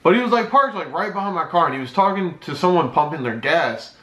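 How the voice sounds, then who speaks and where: Young male YouTuber, bright and fairly high, rambling and swearing, roomy echo. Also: lively intonation, fast. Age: 20s. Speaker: YouTuber and streamer. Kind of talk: casual story time.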